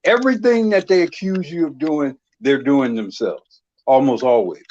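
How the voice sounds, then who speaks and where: A man's voice: fairly high pitch, normal speed, a little mellow. A man chatting casually on a podcast, blunt and profane. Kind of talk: casual chat. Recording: muffled lo-fi audio.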